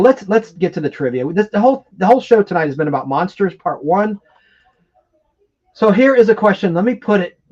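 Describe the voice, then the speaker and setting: A man with a fairly high voice hosts a casual livestream, rambling and excitable as he chats with viewers. The audio is dull and lo-fi, like a basic home stream. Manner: rambling, excitable, reads viewer comments aloud. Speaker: livestream host. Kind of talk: casual live chat and trivia hosting.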